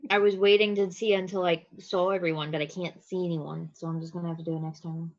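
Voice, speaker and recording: A woman playing a tabletop game, excitable and swearing freely. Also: on the low side, quick pace, a little hiss or hum. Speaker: player. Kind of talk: casual tabletop play. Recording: dull lo-fi mic.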